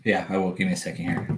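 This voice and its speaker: Man, low voice, casual livestream chat, profane, laughs a lot. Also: vocal fry, slight background noise. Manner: loose, profane, laughs often. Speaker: livestream host.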